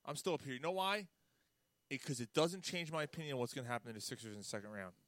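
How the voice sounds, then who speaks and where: A man's voice: medium pitch, very fast, a bit bright, no echo. A man rambles through casual sports talk, exasperated and profane. His voice sits in the middle of the range. The sound is dry and close. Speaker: podcast host.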